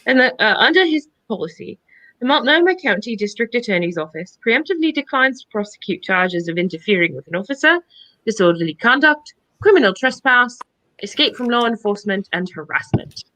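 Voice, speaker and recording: Lively bright-voiced woman reading aloud. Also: a little high, poor audio. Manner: halting, with frequent restarts while reading. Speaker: reader on a group stream. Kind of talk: reading a book aloud between casual chat.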